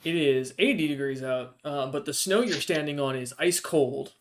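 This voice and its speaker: A man's voice: on the high side, moderate pace, a little hiss or hum. A man narrating as game master of a tabletop game, hesitant and full of ums and uhs.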